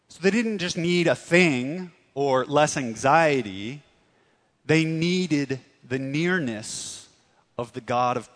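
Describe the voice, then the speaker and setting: Earnest preaching man in a reverberant hall. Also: on the high side. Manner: earnest, emphatic preaching with dramatic pauses and drops to soft tones. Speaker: pastor. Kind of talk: sermon.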